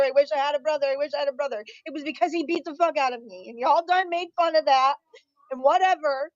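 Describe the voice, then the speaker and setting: A woman's voice: high voice, no room sound. A woman crying as she rants on a livestream, furious and profane, repeating herself as she vents. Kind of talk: angry livestream rant. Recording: dull lo-fi stream audio.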